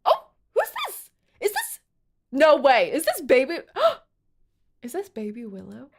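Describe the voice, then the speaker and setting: A woman's voice: high voice, huge pitch swings, slow. A woman streaming a game, chatting in a giggly, playful, teasing way. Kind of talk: game livestream commentary.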